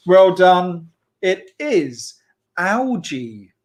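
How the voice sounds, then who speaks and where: A man's voice: a little high, animated, measured pace. A man hosting a children's church club online, chatty and playful, laughing often and filling gaps with ums.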